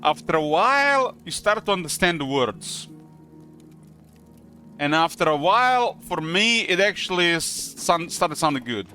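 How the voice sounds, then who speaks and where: Bright-voiced Croatian-accented man chatting. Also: fairly high pitch, very animated, unhurried, soft background music. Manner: rambling, hesitant, many fillers. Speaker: live streamer. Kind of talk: casual chat while gaming.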